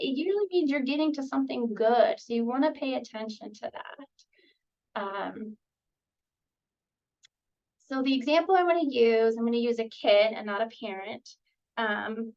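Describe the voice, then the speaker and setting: A woman presenting at a clinical training session, explaining in a relaxed conversational way with frequent ums. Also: on the high side, highs cut off. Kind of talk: conversational teaching talk. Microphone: video call.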